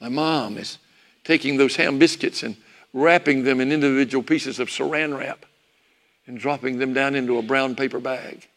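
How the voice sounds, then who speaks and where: A man's voice: mid-range voice, steady tone, normal speed, a bit bright. A preacher telling a sermon story, reminiscing about his parents. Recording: long hall reverb.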